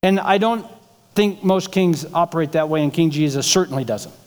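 A man's voice: a little high, normal speed, a little mellow, big-room sound. A male pastor preaching a sermon in a conversational way, asking the congregation rhetorical questions. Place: church sanctuary.

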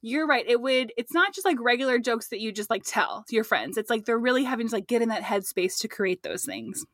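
A young woman with a high, bright voice talks casually, recapping a sitcom for a co-host. She is animated, laughs often and jumps into characters' lines. The recording is dry and close. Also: fairly quick, dry recording. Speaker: podcast co-host.

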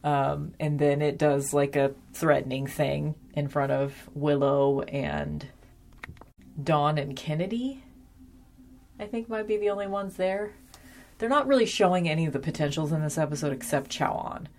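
A woman's voice: low voice, unhurried, a little mellow, a little hiss or hum. A woman recapping a TV episode in a chatty, casual way, full of ums and wry asides. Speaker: episode reviewer.

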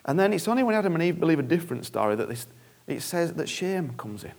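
Man preaching a sermon, gravelly creaky voice, earnest, conversational, repeats himself for emphasis. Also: a little high, darkish tone.

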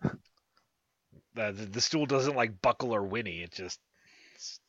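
A man narrating as game master of a tabletop game, with halting, filler-filled descriptions. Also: on the low side, lo-fi sound, heavy background noise.

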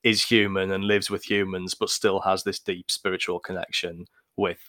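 A man's voice: sits low, flat delivery, moderate pace, fairly bright tone, no room sound, studio quality. A man co-hosting a film podcast, laying out long analytical arguments in casual discussion. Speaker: podcast co-host.

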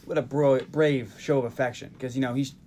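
A man in his forties from the Northeastern United States hosting a casual podcast, recapping a movie with quick asides and frequent laughs. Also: medium pitch, fairly even intonation, warm tone, a little hiss or hum. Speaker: podcast host.

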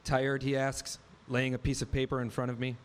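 A man's voice: medium pitch, monotone, moderate pace, smooth. A man in his thirties telling a personal story on stage, wry and vivid, acting out the dialogue in his own words. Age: 30s. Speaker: live storyteller. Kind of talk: first-person story told live on stage.

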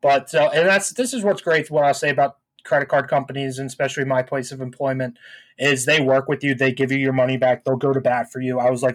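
Husky, profane man venting animatedly. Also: medium pitch, fairly even intonation, a little fast, no room sound. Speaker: podcast co-host. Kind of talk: casual chat.

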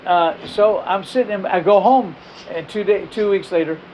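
Middle-aged man, pastor, storytelling sermon; slightly high voice, animated, repeats himself mid-phrase. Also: moderate pace, slight background noise, rough recording.

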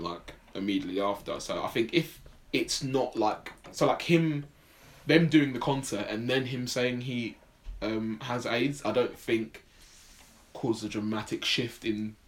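A man's voice: fairly low pitch, unhurried. A man co-hosting a podcast in casual chat, telling stories in a rambling way full of "like" and restarts. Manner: rambling, filler-heavy storytelling with lots of "like". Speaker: podcast co-host.

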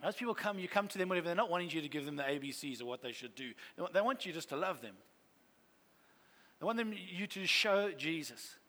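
A man's voice: fairly high pitch, animated, fast talker, fairly bright tone. A man pastor preaching a sermon to his church, earnest and building to fervent exhortation. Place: church hall. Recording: long reverb of a church hall.

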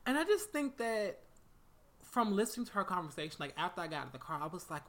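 A man's voice: high voice, sing-song, quick pace, a bit bright. A man co-hosting a podcast, telling a story in casual chat with playful asides. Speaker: podcast co-host.

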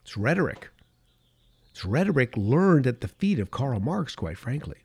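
Speaking at normal speed in a medium-pitched, slightly rough, sing-song voice, a middle-aged or older political commentator delivers an emphatic opinion monologue. He stresses key phrases by repeating them and slips into soft asides.

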